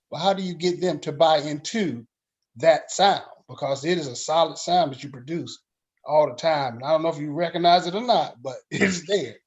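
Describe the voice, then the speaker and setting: A man courteously greeting a colleague and asking him a question about teaching band. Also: a little high. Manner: polite and courteous. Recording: dull lo-fi sound.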